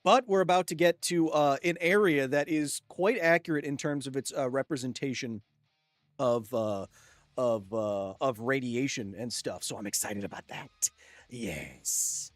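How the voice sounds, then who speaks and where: Male streamer, relaxed chatty delivery, dry booth sound, faint guitar bed behind. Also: medium pitch, measured pace, no room sound. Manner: chatty, jokey, reads chat aloud and laughs often. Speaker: gaming livestream host. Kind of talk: casual live-stream chat.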